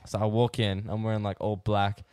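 A young Australian man telling a long, rambling story with plenty of swearing and laughs. His voice sits fairly low. It is recorded dry and close, with no room sound. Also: flat delivery, fairly quick, a little mellow, clear, resonant tone, no room sound. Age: young adult. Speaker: podcast co-host. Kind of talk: casual chat.

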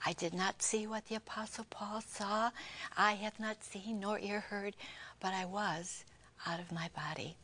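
A woman's voice: mid-range voice, fairly even intonation, a little slow, bright, forceful tone. An older woman co-hosting a Christian television program, giving a heartfelt personal testimony and often dropping to an unvoiced whisper.

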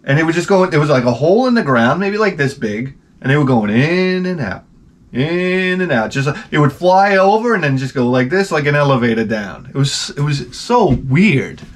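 Animated New guy telling stories. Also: a little high, moderate pace. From New York. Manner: animated, profane, sarcastic asides. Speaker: gaming channel host. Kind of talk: casual rambling storytelling.

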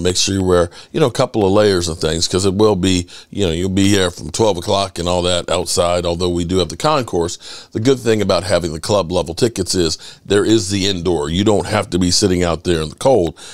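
A middle-aged man hosting his sports channel, chatting casually and rambling through stories with lively swearing. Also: sits low, no room sound, clean studio sound. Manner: animated storyteller, swears freely. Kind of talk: casual rambling fan chat.

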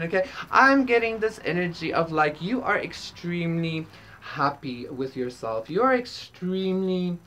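Low-voiced rambling tarot reader woman. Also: lively intonation, a little slow, fairly bright tone. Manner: rambling, frequent fillers, swears casually, laughs. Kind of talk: casual spiritual reading to camera.

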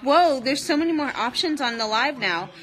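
A woman's voice: high-pitched, expressive, normal speed, background noise. A young woman chatting casually on a live-stream Q&A from home into a phone held at arm's length, giggling and swearing as she reacts. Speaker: reality TV personality hosting a live Q&A.

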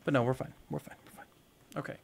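A man hosts a gaming video with fast, casual let's-play commentary, thinking aloud and throwing in playful, goofy exclamations.

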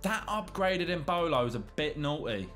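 A man's voice: on the high side, sing-song, moderate pace, a bit bright, faint music behind. A young man hosting a video game session, chatting casually with a friend and laughing often. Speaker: gaming YouTuber host. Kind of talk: casual gameplay banter with a friend.

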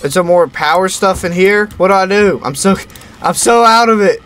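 A young man playing a horror game and commenting as he goes, reading on-screen text aloud in a slow low voice and yelping and shouting at the scares. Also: slight background noise. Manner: jumpy, yelps and shouts at scares. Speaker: gaming YouTuber.

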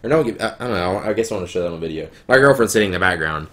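Deep-voiced Southern guy rambling. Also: rapid-fire. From American South. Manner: rambling, filler-heavy, excitable. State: sick, coughing. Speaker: YouTuber. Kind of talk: live-streamed unboxing chat. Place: home room, girlfriend nearby. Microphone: webcam.

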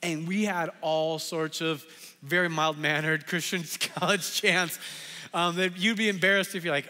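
A young man preaches in a church, and his tone is high and lively. He tells a story casually and uses many fillers. His voice carries long reverb from a large hall. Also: moderate pace. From Southern California. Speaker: pastor. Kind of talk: storytelling sermon. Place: church sanctuary.

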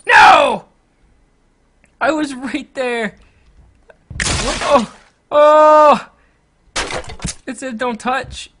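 A gamer commentates a playthrough in a high, bright voice, swearing, yelling and breaking into laughter. The delivery is slow and drawn out, with faint noise in the background. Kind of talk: let's-play commentary.

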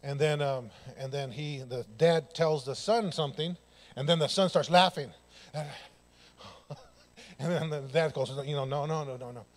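Animated preacher man telling stories. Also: on the high side, unhurried. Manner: animated, loud bursts, laughing, acts out dialogue. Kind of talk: sermon with personal stories. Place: church sanctuary.

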